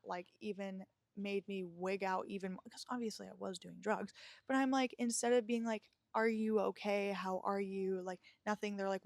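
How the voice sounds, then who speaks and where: A woman's voice: mid-range voice, no room sound, clean studio sound. A woman hosting a podcast, telling her own story in a reflective, confessional way with many filler words. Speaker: podcast host. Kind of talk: candid personal storytelling.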